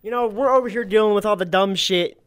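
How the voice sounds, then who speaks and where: Man, podcast host, high voice, dry close sound, laughs a lot, reads news. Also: fast talker, a bit bright, clear, resonant tone, no echo. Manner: laughing often, reading news items with restarts. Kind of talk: casual chat.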